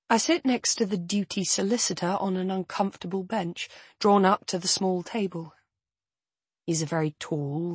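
A woman narrating a first-person audiobook at a measured, even pace. Her voice sits a little low and has a husky grain. The recording is dry and close with no room sound. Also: no echo.

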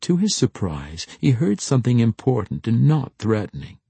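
Male audiobook narrator, fantasy story, husky, varied intonation, dry close sound. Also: medium pitch, huge pitch swings, warm tone, no echo. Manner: measured storytelling, voices characters lightly.

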